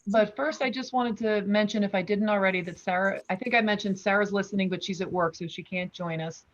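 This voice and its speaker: A woman's voice: medium pitch, fairly quick, highs cut off. Chatty woman hosting a video call. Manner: chatty, welcoming, gives shout-outs. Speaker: host. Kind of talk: casual video call chat.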